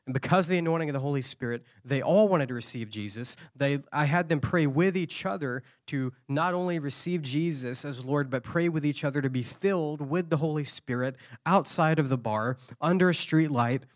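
A man preaching at a conference, telling a story with lively shifts of voice. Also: medium pitch, no room sound, clean studio sound. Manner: animated storyteller, acting out quoted voices. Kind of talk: sermon storytelling.

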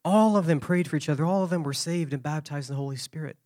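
Animated man preaching a story. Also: on the high side, quick pace, no echo, studio quality. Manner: animated storyteller, acting out quoted voices. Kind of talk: sermon storytelling.

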